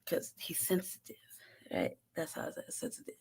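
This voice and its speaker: A woman host telling a story in a casual, profane, animated way, laughing often and acting out what people said. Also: normal speed, whispered. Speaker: show host.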